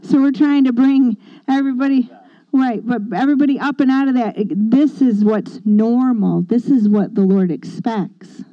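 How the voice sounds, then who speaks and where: A woman's voice: a little high, moderate pace. Woman, earnest, casual, light laughs, slightly muffled lo-fi sound. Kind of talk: casual testimony chat.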